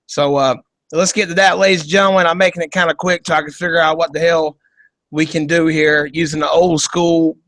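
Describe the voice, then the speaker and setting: A man with a high voice hosts a podcast over a video call and riffs on politics in a loose, profane, joking way. He rambles and restarts as he talks, and the sound is close and dry with no room around it. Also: level tone, a little fast, a bit bright, no room sound, poor audio. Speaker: podcast host. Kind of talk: casual political commentary.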